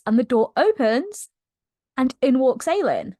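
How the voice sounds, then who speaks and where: Give me a young woman recapping a novel, excited and slangy, with a fairly high voice and a dry, close sound. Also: a little slow, dry recording. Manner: gushing, slangy, laughs often. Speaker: book vlogger. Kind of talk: casual book recap.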